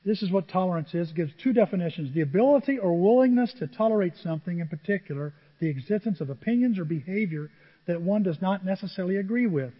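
A middle-aged man preaching a sermon, telling humorous stories with animated asides to the congregation. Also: sits high, fast. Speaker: pastor. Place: church sanctuary. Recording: dull reverberant church recording.

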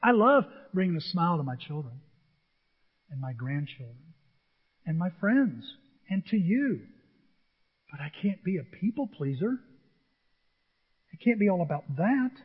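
An older man preaching a sermon, telling stories with animated acted-out voices. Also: high-pitched, a little slow, pauses often, slightly rough. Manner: animated storytelling, acts out voices. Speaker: pastor. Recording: dull lo-fi audio with hall reverb.

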